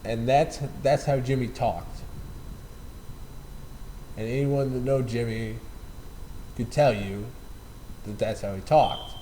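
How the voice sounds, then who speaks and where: A man's voice: medium pitch, fairly even intonation, takes it slowly, long pauses, mellow, a little hiss or hum, rough recording. A man casually telling rambling, profane anecdotes about a former coworker, often repeating and correcting himself. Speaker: storyteller.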